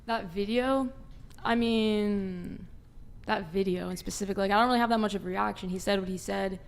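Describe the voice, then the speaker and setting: Woman panelist, flat gravelly voice, rambling. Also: mid-range voice, normal speed. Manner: rambling, circling back on her point. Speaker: panel guest. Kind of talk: casual chat.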